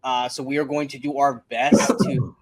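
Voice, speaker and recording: A man's voice: mid-range voice, little pitch movement, moderate pace, no room sound. Male podcast co-host, casual review chat, blunt and profane, dry close sound. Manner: profane, emphatic ranting.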